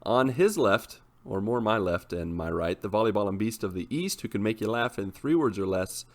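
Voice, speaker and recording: A man's voice: on the low side, expressive, moderate pace. A man in his thirties hosting a casual podcast, opening with theatrical, playful introductions. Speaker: podcast host.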